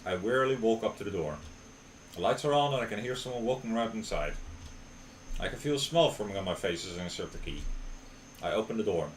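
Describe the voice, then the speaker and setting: A young man streamer reading a visual novel aloud on a live stream, relaxed and cracking jokes in between. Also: on the low side, fast talker, pauses often, a little hiss or hum.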